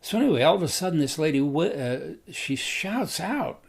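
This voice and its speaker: A man casually telling a personal story in an unhurried, rambling way, often pausing on "uh". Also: on the high side, expressive, vocal fry, a little mellow. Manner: unhurried, rambling, with frequent hesitations.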